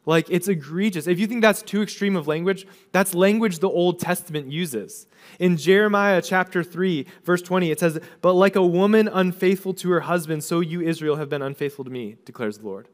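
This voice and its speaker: Male pastor, slightly higher voice, conversational sermon with acted-out dialogue. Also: fairly quick. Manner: casual conversational preaching, acting out voices.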